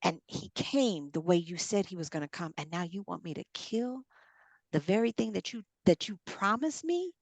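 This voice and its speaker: A woman's voice: on the low side, animated, normal speed, gravelly, dry recording. A woman voicing an earnest old male patriarch in a retold scripture story, speaking solemnly. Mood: pleading.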